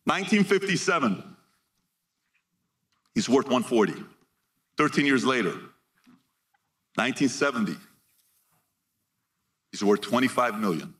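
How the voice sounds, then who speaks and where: A man giving a motivational keynote to a live audience, energetic and punchy, reading figures out in short bursts and firing questions at the crowd. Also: mid-range voice, a little slow, long pauses. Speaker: keynote speaker.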